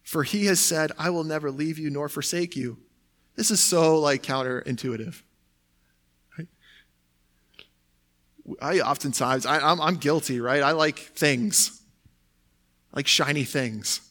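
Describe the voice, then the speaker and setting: A young adult man preaches a sermon in a relaxed, conversational manner. He often checks in with his listeners with a quick "right?". His voice sits a touch higher than most men's. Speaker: pastor.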